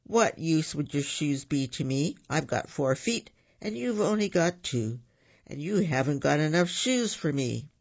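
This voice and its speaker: A man voicing a boastful, hungry male tiger in a storybook reading, speaking slowly and self-satisfied, with a husky, gravelly voice on a dull recording. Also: fairly high pitch, lively intonation, exaggerated voice. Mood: menacing, smug.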